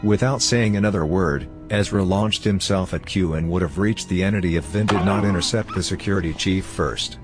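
A man reading a story aloud as narrator in a steady, even manner. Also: low voice, a little fast, hardly any pauses, over music. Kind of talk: fan fiction audiobook reading.

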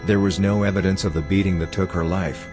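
A man reading a story aloud as narrator in a steady, even manner. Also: deep voice, brisk, music in the background. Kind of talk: fan fiction audiobook reading.

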